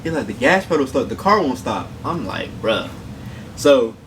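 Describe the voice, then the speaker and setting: Animated young man telling a story. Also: medium pitch, moderate pace. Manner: animated, laughs while telling, slangy. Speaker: mukbang co-host. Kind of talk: casual storytelling. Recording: distant mic with background noise.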